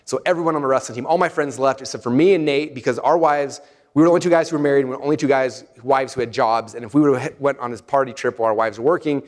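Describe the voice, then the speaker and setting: Fast-talking man telling a story. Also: mid-range voice. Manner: animated, laughs often, quotes himself. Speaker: speaker telling a personal story. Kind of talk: casual storytelling to an audience.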